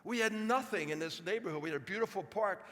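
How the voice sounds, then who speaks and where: This speaker is a man in his seventies whose high, slightly bright voice moves fast, followed by a long reverb tail. Before an audience in a large hall, he delivers a folksy, joking speech, addressing the crowd directly.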